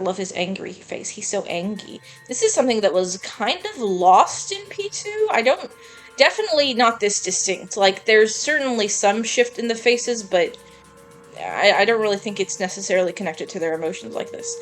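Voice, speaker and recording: A woman's voice: medium pitch, expressive, moderate pace. Chatty woman gaming with faint music. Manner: chatty, self-deprecating, swears casually. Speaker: gamer playing through a game. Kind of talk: casual let's-play commentary.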